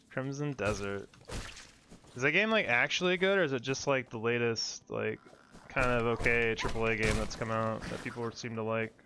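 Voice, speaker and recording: A man's voice: medium pitch, bright, forceful tone, slight background noise. A young man streaming a game, chatting casually and rambling with lots of fillers, laughs and casual swearing. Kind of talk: casual gameplay commentary.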